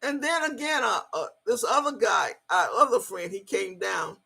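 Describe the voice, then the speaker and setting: A woman telling a personal story in a casual, animated way, swearing freely as she goes. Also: mid-range voice, normal speed, vocal fry, breathy edge.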